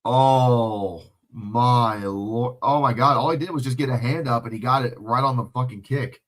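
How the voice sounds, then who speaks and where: Loud, excitable young man calling a game. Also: medium pitch, normal speed. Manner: profane, emotional outbursts at plays. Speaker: livestream watch-along host. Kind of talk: excited live play-by-play commentary with chat. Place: home room.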